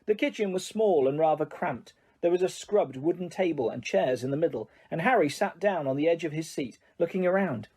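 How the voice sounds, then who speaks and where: An audiobook narrator reading a story in a soft, hushed, even way. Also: mid-range voice, a little fast, hardly any pauses, slightly rough.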